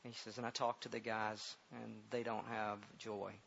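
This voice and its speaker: Middle-aged male pastor, gravelly voice, halting delivery that swells into emphatic preaching, dull recording with light hiss. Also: fairly low pitch, little pitch movement. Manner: halting, repeats words, grows loud and emphatic when preaching. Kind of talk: sermon with personal story.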